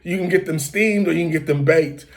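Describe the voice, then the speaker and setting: A man from the United States hosting, telling a relaxed, rambling story full of fillers and restarts, with occasional coughs. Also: fairly high pitch, fairly quick. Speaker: host. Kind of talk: casual storytelling.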